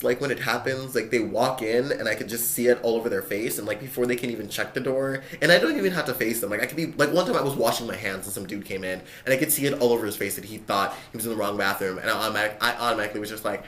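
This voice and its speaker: A gender-fluid vlogger with a man's voice, ranting to camera in a casual, animated and exasperated way, swearing often. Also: mid-range voice, a little hiss or hum. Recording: echoey room with faint ambience.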